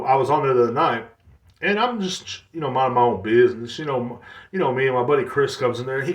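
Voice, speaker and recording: Profane rambling man in a roomy room. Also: medium pitch. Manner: profane, rambling, animated storytelling. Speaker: podcast host. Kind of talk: casual solo podcast rant.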